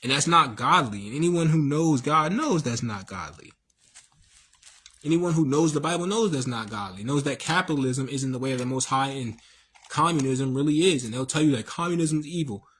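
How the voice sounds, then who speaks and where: A husky-voiced man talks alone into his livestream, preaching in loose, slangy runs full of fillers. His voice sits at an ordinary middle pitch and keeps a casual, unscripted flow. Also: lively intonation, moderate pace, a bit bright. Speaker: livestream host.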